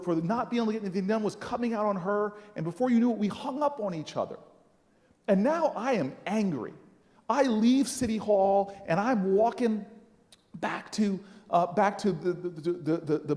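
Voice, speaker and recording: Brief: senator at a rally, animated personal storyteller, high pitch, long hall reverb. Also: male voice. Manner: animated, dramatic, self-mocking storytelling.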